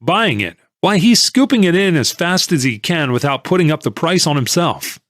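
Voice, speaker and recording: A man voicing an excited, pushy male stock tipster in an audiobook, insistent and raising his voice. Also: fairly high pitch, moderate pace, dry recording, studio quality, voice pushed up. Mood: eager, insistent. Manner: insistent, eager, raised voice. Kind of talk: audiobook character reading.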